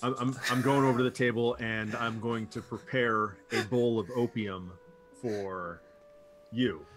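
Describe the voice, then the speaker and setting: A man's voice: mid-range voice, steady tone, a little slow, fairly bright tone. A man playing a tabletop role-playing game, giving brief, matter-of-fact replies. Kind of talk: casual game table talk.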